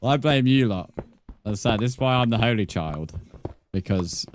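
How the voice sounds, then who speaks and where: A young man streams a game, joking and bantering with his chat and laughing a lot. His voice sits at medium pitch with lively intonation and a normal pace, and there's slight background noise.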